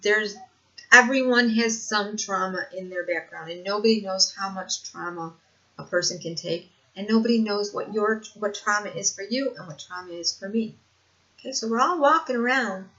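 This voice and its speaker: In a dull, lo-fi home recording, an older woman vlogger with a medium-pitched, fairly bright voice shares her lived experience. Her casual monologue is earnest, full of repetition for emphasis and frequent laughter.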